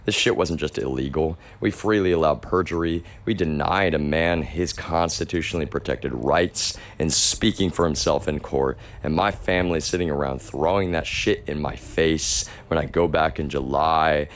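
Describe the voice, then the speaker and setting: Low-voiced man ranting at his stream. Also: moderate pace, few pauses. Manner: agitated, repetitive, swears often, calls listeners y'all. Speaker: livestreamer. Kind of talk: ranting monologue to a live chat.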